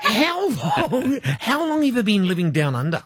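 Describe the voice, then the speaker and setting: A man with an Australian accent hosting breakfast radio, boisterous, laughing loudly and calling everyone mate. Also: sits high, wildly swooping pitch, normal speed, very noisy. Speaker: radio host.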